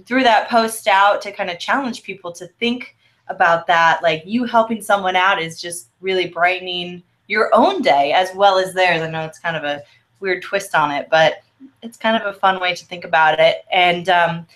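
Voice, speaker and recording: A woman's voice: on the low side, normal speed, a bit bright. A woman co-hosting a casual chat, bubbly and chatty, laughing often, with a slight American Southern drawl. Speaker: co-host.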